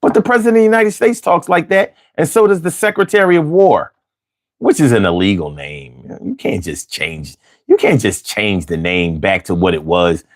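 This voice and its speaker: A man's voice: lowish voice, animated, normal speed. A man hosting a late-night livestream, ranting with heavy profanity and talking back to his chat. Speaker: livestream host.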